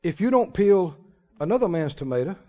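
A man preaching a sermon as pastor, folksy and emphatic, with sudden loud swells and drawn-out words. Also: high-pitched, sing-song. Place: church sanctuary. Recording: muffled recording in a reverberant church hall.

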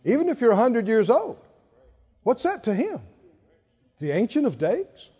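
Male preacher, slow and mellow, quick to laugh, sermon recorded dull in a reverberant hall. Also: extremely high pitch, huge pitch swings, breathy edge. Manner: conversational, laughs often, asks the congregation questions. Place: church or conference hall.

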